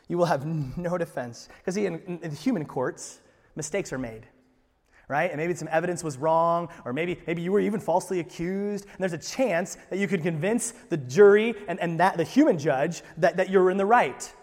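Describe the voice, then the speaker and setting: A man preaching in a fairly high voice, his words trailing into the long reverb of a church hall. He is emphatic, swings from hushed lines to loud ones, and asks his congregation rhetorical questions. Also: brisk. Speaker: pastor. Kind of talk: sermon.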